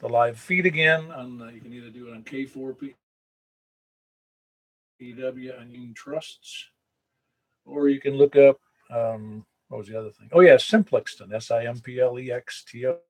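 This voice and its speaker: A man's voice: mid-range voice, normal speed, low-quality recording. A man acting as net control on a ham radio net, chatting casually and rambling with self-corrections. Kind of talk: casual on-air radio chat.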